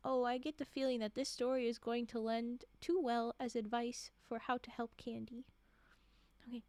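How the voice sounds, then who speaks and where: A young woman streamer reading a holiday story aloud, expressive, with chatty asides. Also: on the high side, normal speed, no room sound.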